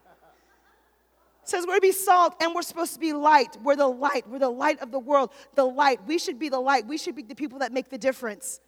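A woman pastor preaching a sermon in a church, building to shouted, repeated declarations. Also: high voice, moderate pace. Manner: preaching with rising shouts and repetition. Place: church sanctuary. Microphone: handheld microphone. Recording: long hall reverb.

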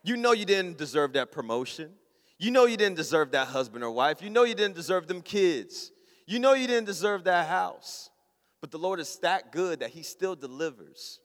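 A man preaching a storytelling sermon, acting out his own thoughts and his wife's replies in a lively, casual way. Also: high voice, moderate pace, long reverb tail. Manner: animated, acts out his own inner voice and his wife's.

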